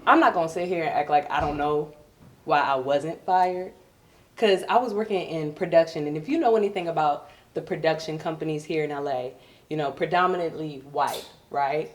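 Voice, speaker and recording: A woman from Virginia with a Southern accent performing a brassy, animated stand-up comedy set. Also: moderate pace, echoey room. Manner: brassy, animated, puts on high posh voices for coworkers.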